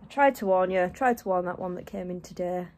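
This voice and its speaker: A woman's voice: on the low side, quick pace, darkish tone, a little hiss or hum. A young woman, chatting casually in a vlog and often talking to her dog. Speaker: vlogger.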